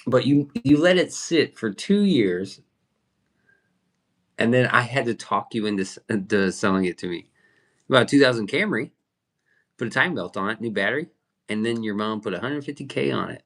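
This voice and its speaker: Brief: male streamer, low voice, profane rambling chat, reacting to the comments. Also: expressive, normal speed, pauses often, a bit bright. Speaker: livestream host. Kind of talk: casual livestream chat.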